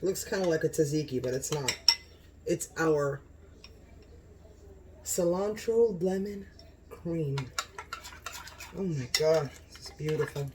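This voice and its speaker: A woman hosting a casual home cooking vlog, gushing and excitable, often exclaiming over the food. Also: deep voice, noisy background. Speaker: cooking channel host.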